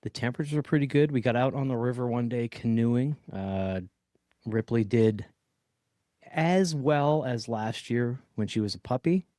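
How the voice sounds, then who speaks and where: A man's voice: mid-range voice, expressive, moderate pace, dark tone, dry recording, clean studio sound. A man co-hosting a podcast, chatting in a rambling, joking way from a job trailer. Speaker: podcast co-host. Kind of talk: casual chat.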